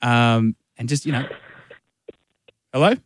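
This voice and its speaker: Rambling radio host, dry sound. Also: male voice, medium pitch, no echo. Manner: rambling, self-deprecating, halting restarts. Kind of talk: casual radio banter.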